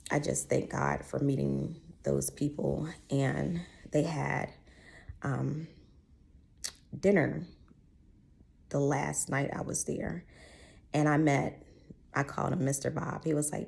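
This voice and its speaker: A woman's voice: sits low, expressive, unhurried, creaky, pauses often, a little mellow. A woman telling a personal vlog story in a heartfelt, chatty way, her voice going in and out at times. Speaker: vlogger.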